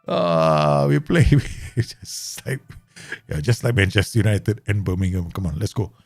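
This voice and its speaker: A man with a Southeast Asian English accent commentating live on his management game, chatty and quick to laugh as he talks to his viewers. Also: on the low side, creaky, no echo, faint music behind. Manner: chatty, laughs easily, talks to himself and chat. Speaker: game streamer.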